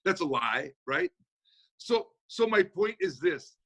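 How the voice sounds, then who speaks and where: A man holding forth in a motivational Q&A, talking quickly in a folksy, energetic way. His voice sits a touch high and rings bright and forceful, coming through a video call. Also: husky. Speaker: speaker answering audience questions. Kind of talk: motivational Q&A talk.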